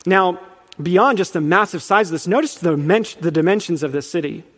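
A man's voice: sits high, a little fast, fairly bright tone. A man preaching a teaching sermon, earnest and building in emphasis as he quizzes his listeners. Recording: long reverb of a hall.

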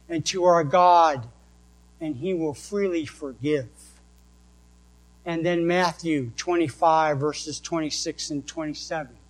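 New england guy preaching, slow careful scripture reading, slightly high voice, low hum behind. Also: low-quality recording. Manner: slow, deliberate reading of verses. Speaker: pastor.

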